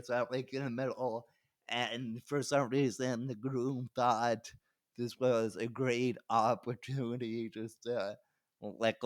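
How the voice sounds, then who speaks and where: A mid-range male voice, recorded with no echo, belongs to a young adult comedian guest on a podcast. He tells a story loosely and ramblingly, swearing often and laughing partway through sentences.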